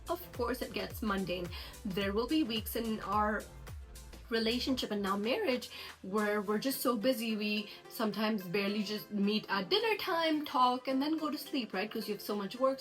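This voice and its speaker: Young woman coach chatting advice to camera, kinda high voice, music playing behind. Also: rough recording. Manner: chatty, earnest and upbeat, laughs easily. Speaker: relationship coach. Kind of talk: casual advice vlog. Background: background music.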